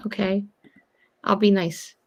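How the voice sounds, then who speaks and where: A woman's voice: medium pitch, fairly even intonation, slow. A woman calling into a friend's livestream and teasing him in a bossy, playful way. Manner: teasing, bossy, talks over. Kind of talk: casual teasing chat.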